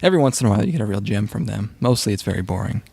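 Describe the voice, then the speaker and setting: A man co-hosting a podcast, chatting in a laid-back, dry way with drawn-out fillers. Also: lowish voice, expressive, creaky, a little mellow, breathy edge. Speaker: podcast co-host. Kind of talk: casual chat reviewing shows.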